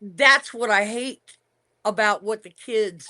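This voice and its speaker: A woman's voice: medium pitch, slow pace, bright, forceful tone. An older woman, a retired wrestler, telling stories from her career in a casual interview. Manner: reminiscing storyteller, emphatic.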